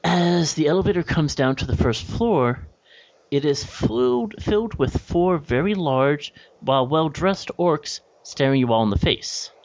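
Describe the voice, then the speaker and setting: A man's voice: on the high side, lively intonation, measured pace, no echo. Casual male game master. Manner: casual, filler-heavy scene description. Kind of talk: narrating a tabletop game. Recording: dull lo-fi dry recording.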